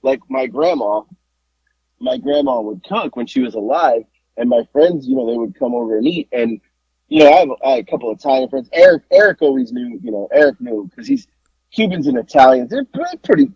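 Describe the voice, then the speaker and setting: A man with a rough, breathy voice tells a story on a podcast in loose, casual chat. His pitch jumps around a lot as he rambles and restarts, and the sound is dry and slightly muffled, like a low-fi home recording. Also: very animated, brisk, a little mellow, no room sound. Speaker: podcast host.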